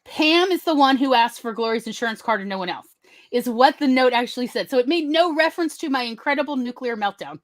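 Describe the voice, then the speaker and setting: A young woman tells a long personal story in a casual, chatty way, her voice sitting a little high. She brings the people in her story to life, shifting her voice for each of them. The sound is dry and close, with no room echo. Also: fast talker. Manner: animated, acts out other people's lines in shifting voices. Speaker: podcast host telling a story.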